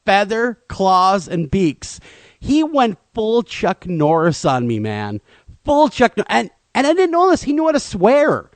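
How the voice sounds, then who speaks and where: A man co-hosting a talk radio show, telling a comedic, self-deprecating story in an animated way. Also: high voice, no echo.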